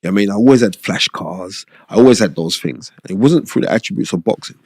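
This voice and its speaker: Middle-aged podcast guest, gravelly and low, animated and rambling. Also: male voice, fast, no room sound, studio quality. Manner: animated, streetwise, rambling, repeats himself. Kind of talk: casual storytelling interview. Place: podcast studio.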